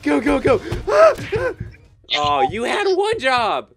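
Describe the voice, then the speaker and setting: A man hosting a video game commentary, excitable, swinging between yelling and pleading and quiet muttering. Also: very high-pitched, unhurried, vocal fry. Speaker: gaming video host.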